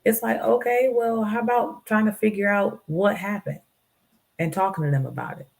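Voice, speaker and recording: A woman's voice: mid-range voice, steady tone, moderate pace, gravelly, a little mellow. A woman hosting her own show, giving earnest, preachy life advice and acting out the voices of people she quotes. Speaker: show host. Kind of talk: motivational talk.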